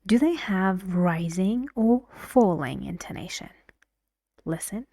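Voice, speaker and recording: A woman teaching English pronunciation, explaining slowly and deliberately, often dropping into a soft half-whisper. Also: mid-range voice, sing-song, no room sound. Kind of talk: explaining pronunciation in a language lesson.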